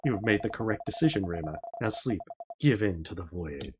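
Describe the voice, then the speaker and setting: A man's voice: fairly low pitch, fairly quick, background noise, natural voice. A man doing a pompous villain sorcerer. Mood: coaxing. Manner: pompous, commanding. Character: scheming grandiose male villain sorcerer. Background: game music.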